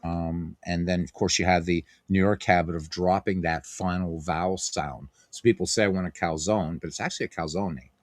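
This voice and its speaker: A man's voice: low-pitched, fairly even intonation, brisk, hardly any pauses, no echo, clean studio sound. A middle-aged man hosting a stream, calling a tabletop baseball game play by play and chatting with viewers in a loose, filler-heavy way. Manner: chatty, many fillers, reads and answers viewer comments. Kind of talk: casual play-by-play and chat with viewers.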